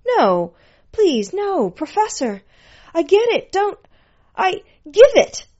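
A woman's voice: sits high, slow pace, a little mellow, dull audio, pitched above the performer's own voice. A woman voicing a breathless, pleading young woman.

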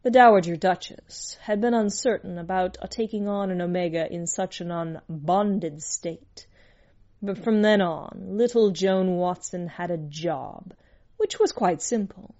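A woman narrating a story aloud in an unhurried, measured storytelling manner. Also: lowish voice, darkish tone, muffled recording.

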